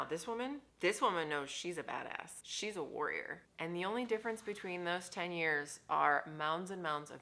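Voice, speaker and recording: A woman in her thirties talks straight to camera with a low, gravelly voice that still cuts bright and sharp. She is emphatic and a little scolding, leaning hard on stressed words, then dropping into near whispers. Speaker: mindset coach. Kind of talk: casual vlog monologue to camera.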